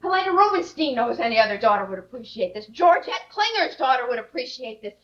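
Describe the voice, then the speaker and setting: A woman's voice: fairly high pitch, sing-song, fast, fairly bright tone. A woman playing an outspoken adult daughter who talks earnestly and emphatically. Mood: exasperated. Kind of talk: stage play acting. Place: theater stage. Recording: dull lo-fi stage recording.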